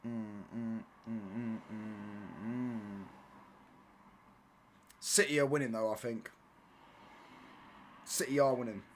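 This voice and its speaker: A man's voice: fairly low pitch, steady tone, slow pace, long pauses, slight background noise. A young man chatting casually on a football watchalong stream, reading chat and bantering in slang with stop-start restarts.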